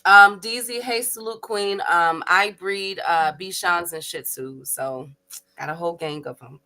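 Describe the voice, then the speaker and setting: A woman's voice: on the low side, measured pace, sharp tone. A woman hosting a casual boxing live stream, chatty, laughing easily and greeting viewers by name. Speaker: host.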